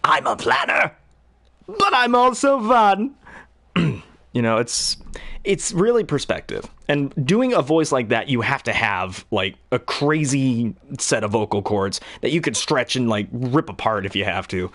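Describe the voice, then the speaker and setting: A man's voice: medium pitch, expressive, normal speed. A young man chatting casually about voice acting, rambling with lots of fillers and laughs. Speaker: hobby voice actor. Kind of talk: casual chat.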